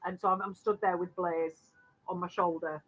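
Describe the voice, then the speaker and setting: A woman playing a tabletop game, who gently describes what her character does, step by step. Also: lowish voice, fairly even intonation, moderate pace, dull audio. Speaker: player.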